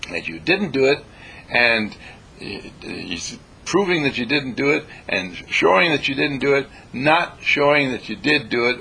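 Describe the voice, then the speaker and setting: A man giving a spiritual lecture in an animated way, acting out everyday examples and chanting sounds. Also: mid-range voice, creaky, breathy edge.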